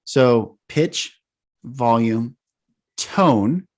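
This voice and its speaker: A man's voice: mid-range voice, expressive, very slow. A man hosting and coaching, talking emphatically and repeating key words as he lists them. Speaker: host, voice coach. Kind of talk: coaching conversation.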